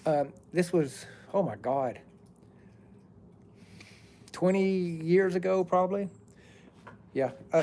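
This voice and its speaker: A middle-aged man with a fairly high voice spins a rambling, casual story outdoors by a fire. He drifts off track to say hello to viewers and then picks the thread back up. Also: darkish tone, slight background noise. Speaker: plumber telling stories on a live stream.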